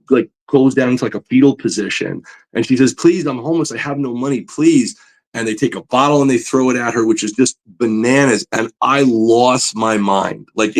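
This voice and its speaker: Animated man telling a story, mid-pitched. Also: rough recording. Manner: animated storyteller, voice climbs when excited; conversational, many fillers like "you know". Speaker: comic book artist guest. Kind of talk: casual podcast storytelling.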